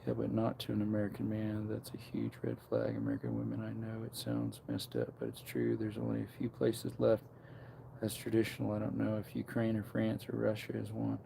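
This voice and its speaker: A man's voice: fairly low pitch, animated, a little fast, creaky, background noise. Rambling man in his thirties chatting. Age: 30s. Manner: rambling, answers chat comments aloud. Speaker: livestreamer. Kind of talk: casual livestream chat.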